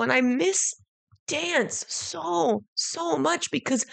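A woman's voice: fairly high pitch, vocal fry, dry recording. A woman hosting a solo podcast, chatting casually and frankly, full of "like" and the odd swear word, heartfelt and emotional as she reflects. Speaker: podcast host.

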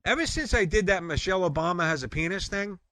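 A man's voice: sits high, lively intonation, fast talker, dry recording. A man with a New York accent hosting a Christian online radio show, chatting and joking with guests. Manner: joking, rambling, loud sign-offs. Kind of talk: casual chat.

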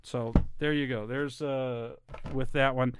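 Rambling American voice actor. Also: male voice, medium pitch, fairly even intonation, a little slow, noisy background. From United States. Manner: rambling, self-deprecating. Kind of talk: casual chat.

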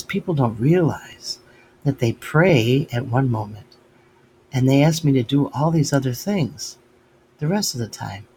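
Gravelly older man musing on prayer. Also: mid-range voice, a little mellow, slight background noise, low-quality recording. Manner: reflective and halting, retells talks with God. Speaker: speaker sharing spiritual reflections. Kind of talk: personal spiritual monologue.

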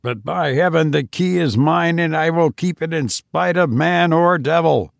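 A man's voice: mid-range voice, lively intonation, unhurried, gravelly, a little mellow, no room sound, clean studio sound. A man voicing an obsessed, half-mad male explorer who talks harshly and broods over a cursed jewel. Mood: raving.

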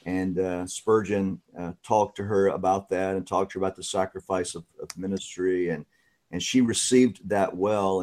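A man, a guest author on a podcast, answering questions in a relaxed way with many pauses. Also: sits low. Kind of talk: conversational interview answers.

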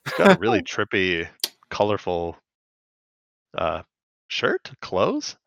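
A man's voice: fairly low pitch, huge pitch swings, slow, gravelly, a bit bright, a little hiss or hum. A man hosting a casual podcast recap of a cartoon, rambling and often laughing. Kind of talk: casual chat. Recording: dull lo-fi.

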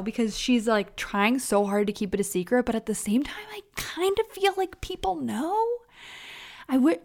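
A young woman hosting a podcast, recapping casually and chatting away, acting out other people's quotes in her own voice. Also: fairly high pitch. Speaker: podcast host. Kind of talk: casual solo recap chat.

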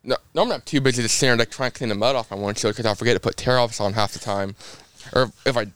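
A man's voice: medium pitch, rapid-fire, clear, resonant tone, no echo. A young man, a race car driver telling rambling racing stories in casual podcast chat. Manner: rambling, animated anecdotes with many fillers.

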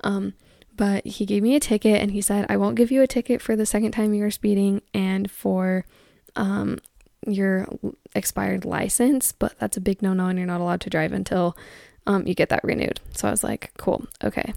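Young woman, mom, casual vlog storytelling, rambling, gravelly fry, mellow tone, dry close sound. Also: mid-range voice, fairly even intonation, moderate pace, no room sound. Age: young adult. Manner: chatty, rambling, many likes and ums. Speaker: vlogger.

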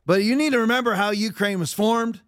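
A man with a fairly high voice hosts his own podcast, talking through the news in a blunt, emphatic way. He rambles and restarts his sentences as he argues his point. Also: a little fast, a bit bright, smooth. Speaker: podcast host. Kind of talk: opinionated political commentary.

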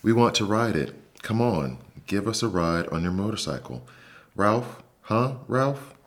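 A clamoring bunch of squeaky little mouse cousins, as a man with a deep voice puts them on. They beg and pester in lifted, eager tones through a calm storybook reading. The read stays soft and unhurried. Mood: pleading. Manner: pleading, clamoring.

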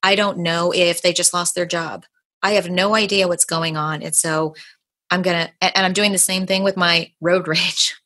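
Podcast host, woman, deep register, casual rambling storyteller. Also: level tone, moderate pace, pushed and bright. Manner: chatty, storytelling, frequent fillers and restarts. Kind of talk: casual conversation.

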